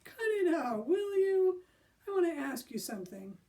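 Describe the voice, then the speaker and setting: A woman's voice: extremely high pitch, sing-song, moderate pace, warm tone, far from the mic, pitched above the performer's own voice, exaggerated voice. A woman voicing a nervous young boy trying to sound hearty, with a quavering voice.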